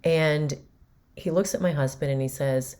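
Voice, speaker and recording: A woman's voice: sits low, normal speed, darkish tone. A woman host candidly recounting a personal story in a conversational way. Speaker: podcast host.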